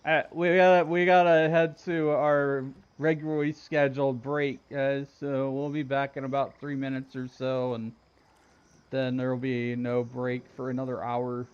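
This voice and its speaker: Male streamer, relaxed, rambling, giggly banter over gameplay; medium pitch, slightly muffled recording. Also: unhurried, clear, resonant tone. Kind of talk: casual gameplay commentary.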